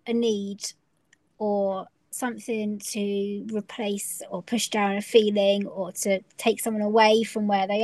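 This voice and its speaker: A woman's voice: mid-range voice, no echo. Chatty woman podcast host, dry sound. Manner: chatty, reflective, thinks aloud. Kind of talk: podcast interview.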